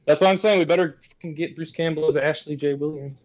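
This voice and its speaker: Male panelist, quick talker, slightly high voice, casual. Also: fairly even intonation, darkish tone, highs cut off. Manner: quick interjections, laughs, swears casually. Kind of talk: casual podcast chat.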